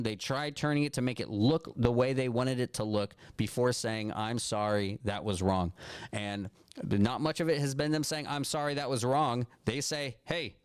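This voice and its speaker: Casual male streamer, mid-pitched, swears freely, rambles through politics on a phone, dry close mic. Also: clear, resonant tone, dry recording. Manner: rambling, swears often, restarts and fillers. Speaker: live stream host.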